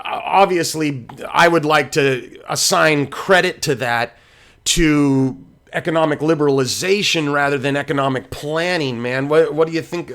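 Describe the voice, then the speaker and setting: A man hosting a casual political debate, relaxed and easygoing, laughing easily. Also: a little high. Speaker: debate host.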